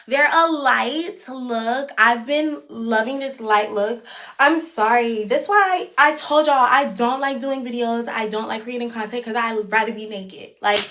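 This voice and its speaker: Bubbly high-voiced woman livestreaming. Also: slight background noise. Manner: excitable, chatty, slangy and swearing. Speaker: beauty vlogger hosting a livestream. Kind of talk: casual livestream chat.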